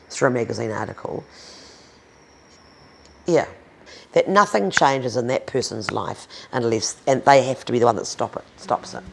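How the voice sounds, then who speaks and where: A blunt woman in her fifties speaks with a New Zealand accent. Her voice has a gravelly edge and swings widely in pitch as she drives each point home. She swears freely and doesn't soften a thing. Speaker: interviewee, domestic violence advocate. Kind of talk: candid conversational interview.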